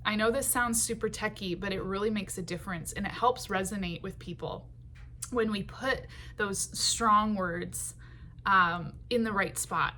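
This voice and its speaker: Slow-talking woman teaching songwriting. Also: medium pitch, sharp tone, a little hiss or hum. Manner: patient, explains slowly, many ums, sings short phrases. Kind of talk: teaching with sung examples.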